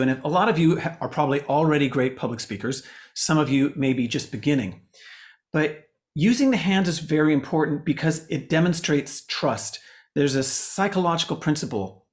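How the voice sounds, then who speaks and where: An animated man coaches over a video call, swinging his pitch widely for emphasis. He's a communication coach giving an online presentation talk to a meetup.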